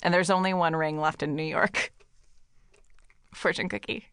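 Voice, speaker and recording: A woman's voice: lowish voice, steady tone, measured pace, a bit bright, clean tone, no room sound. A woman co-hosting a casual chat, retelling a movie plot in a rambling, giggly way, full of fillers and restarts. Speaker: podcast co-host.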